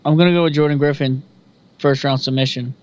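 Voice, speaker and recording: A man's voice: on the high side, fairly even intonation, fast talker, darkish tone. A man co-hosting a casual fight-pick chat, loose, profane and chatty. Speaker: podcast co-host. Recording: dull lo-fi sound.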